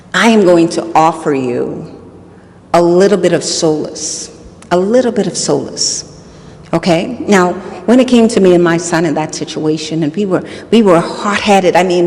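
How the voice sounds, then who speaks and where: A woman's voice: fairly low pitch, a little mellow. A woman hosting a motivational talk, telling a personal story earnestly and repeating her phrases for emphasis. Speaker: host. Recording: long reverb.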